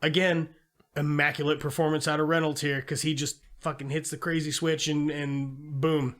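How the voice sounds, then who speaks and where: A man with a slightly higher voice recaps a film plot in a loose, profane way. He jumps into quick impressions of the characters as he goes. It sounds like an easygoing chat between friends about movies. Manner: animated retelling with acted-out quotes and swearing. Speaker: podcast co-host. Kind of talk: casual movie review chat.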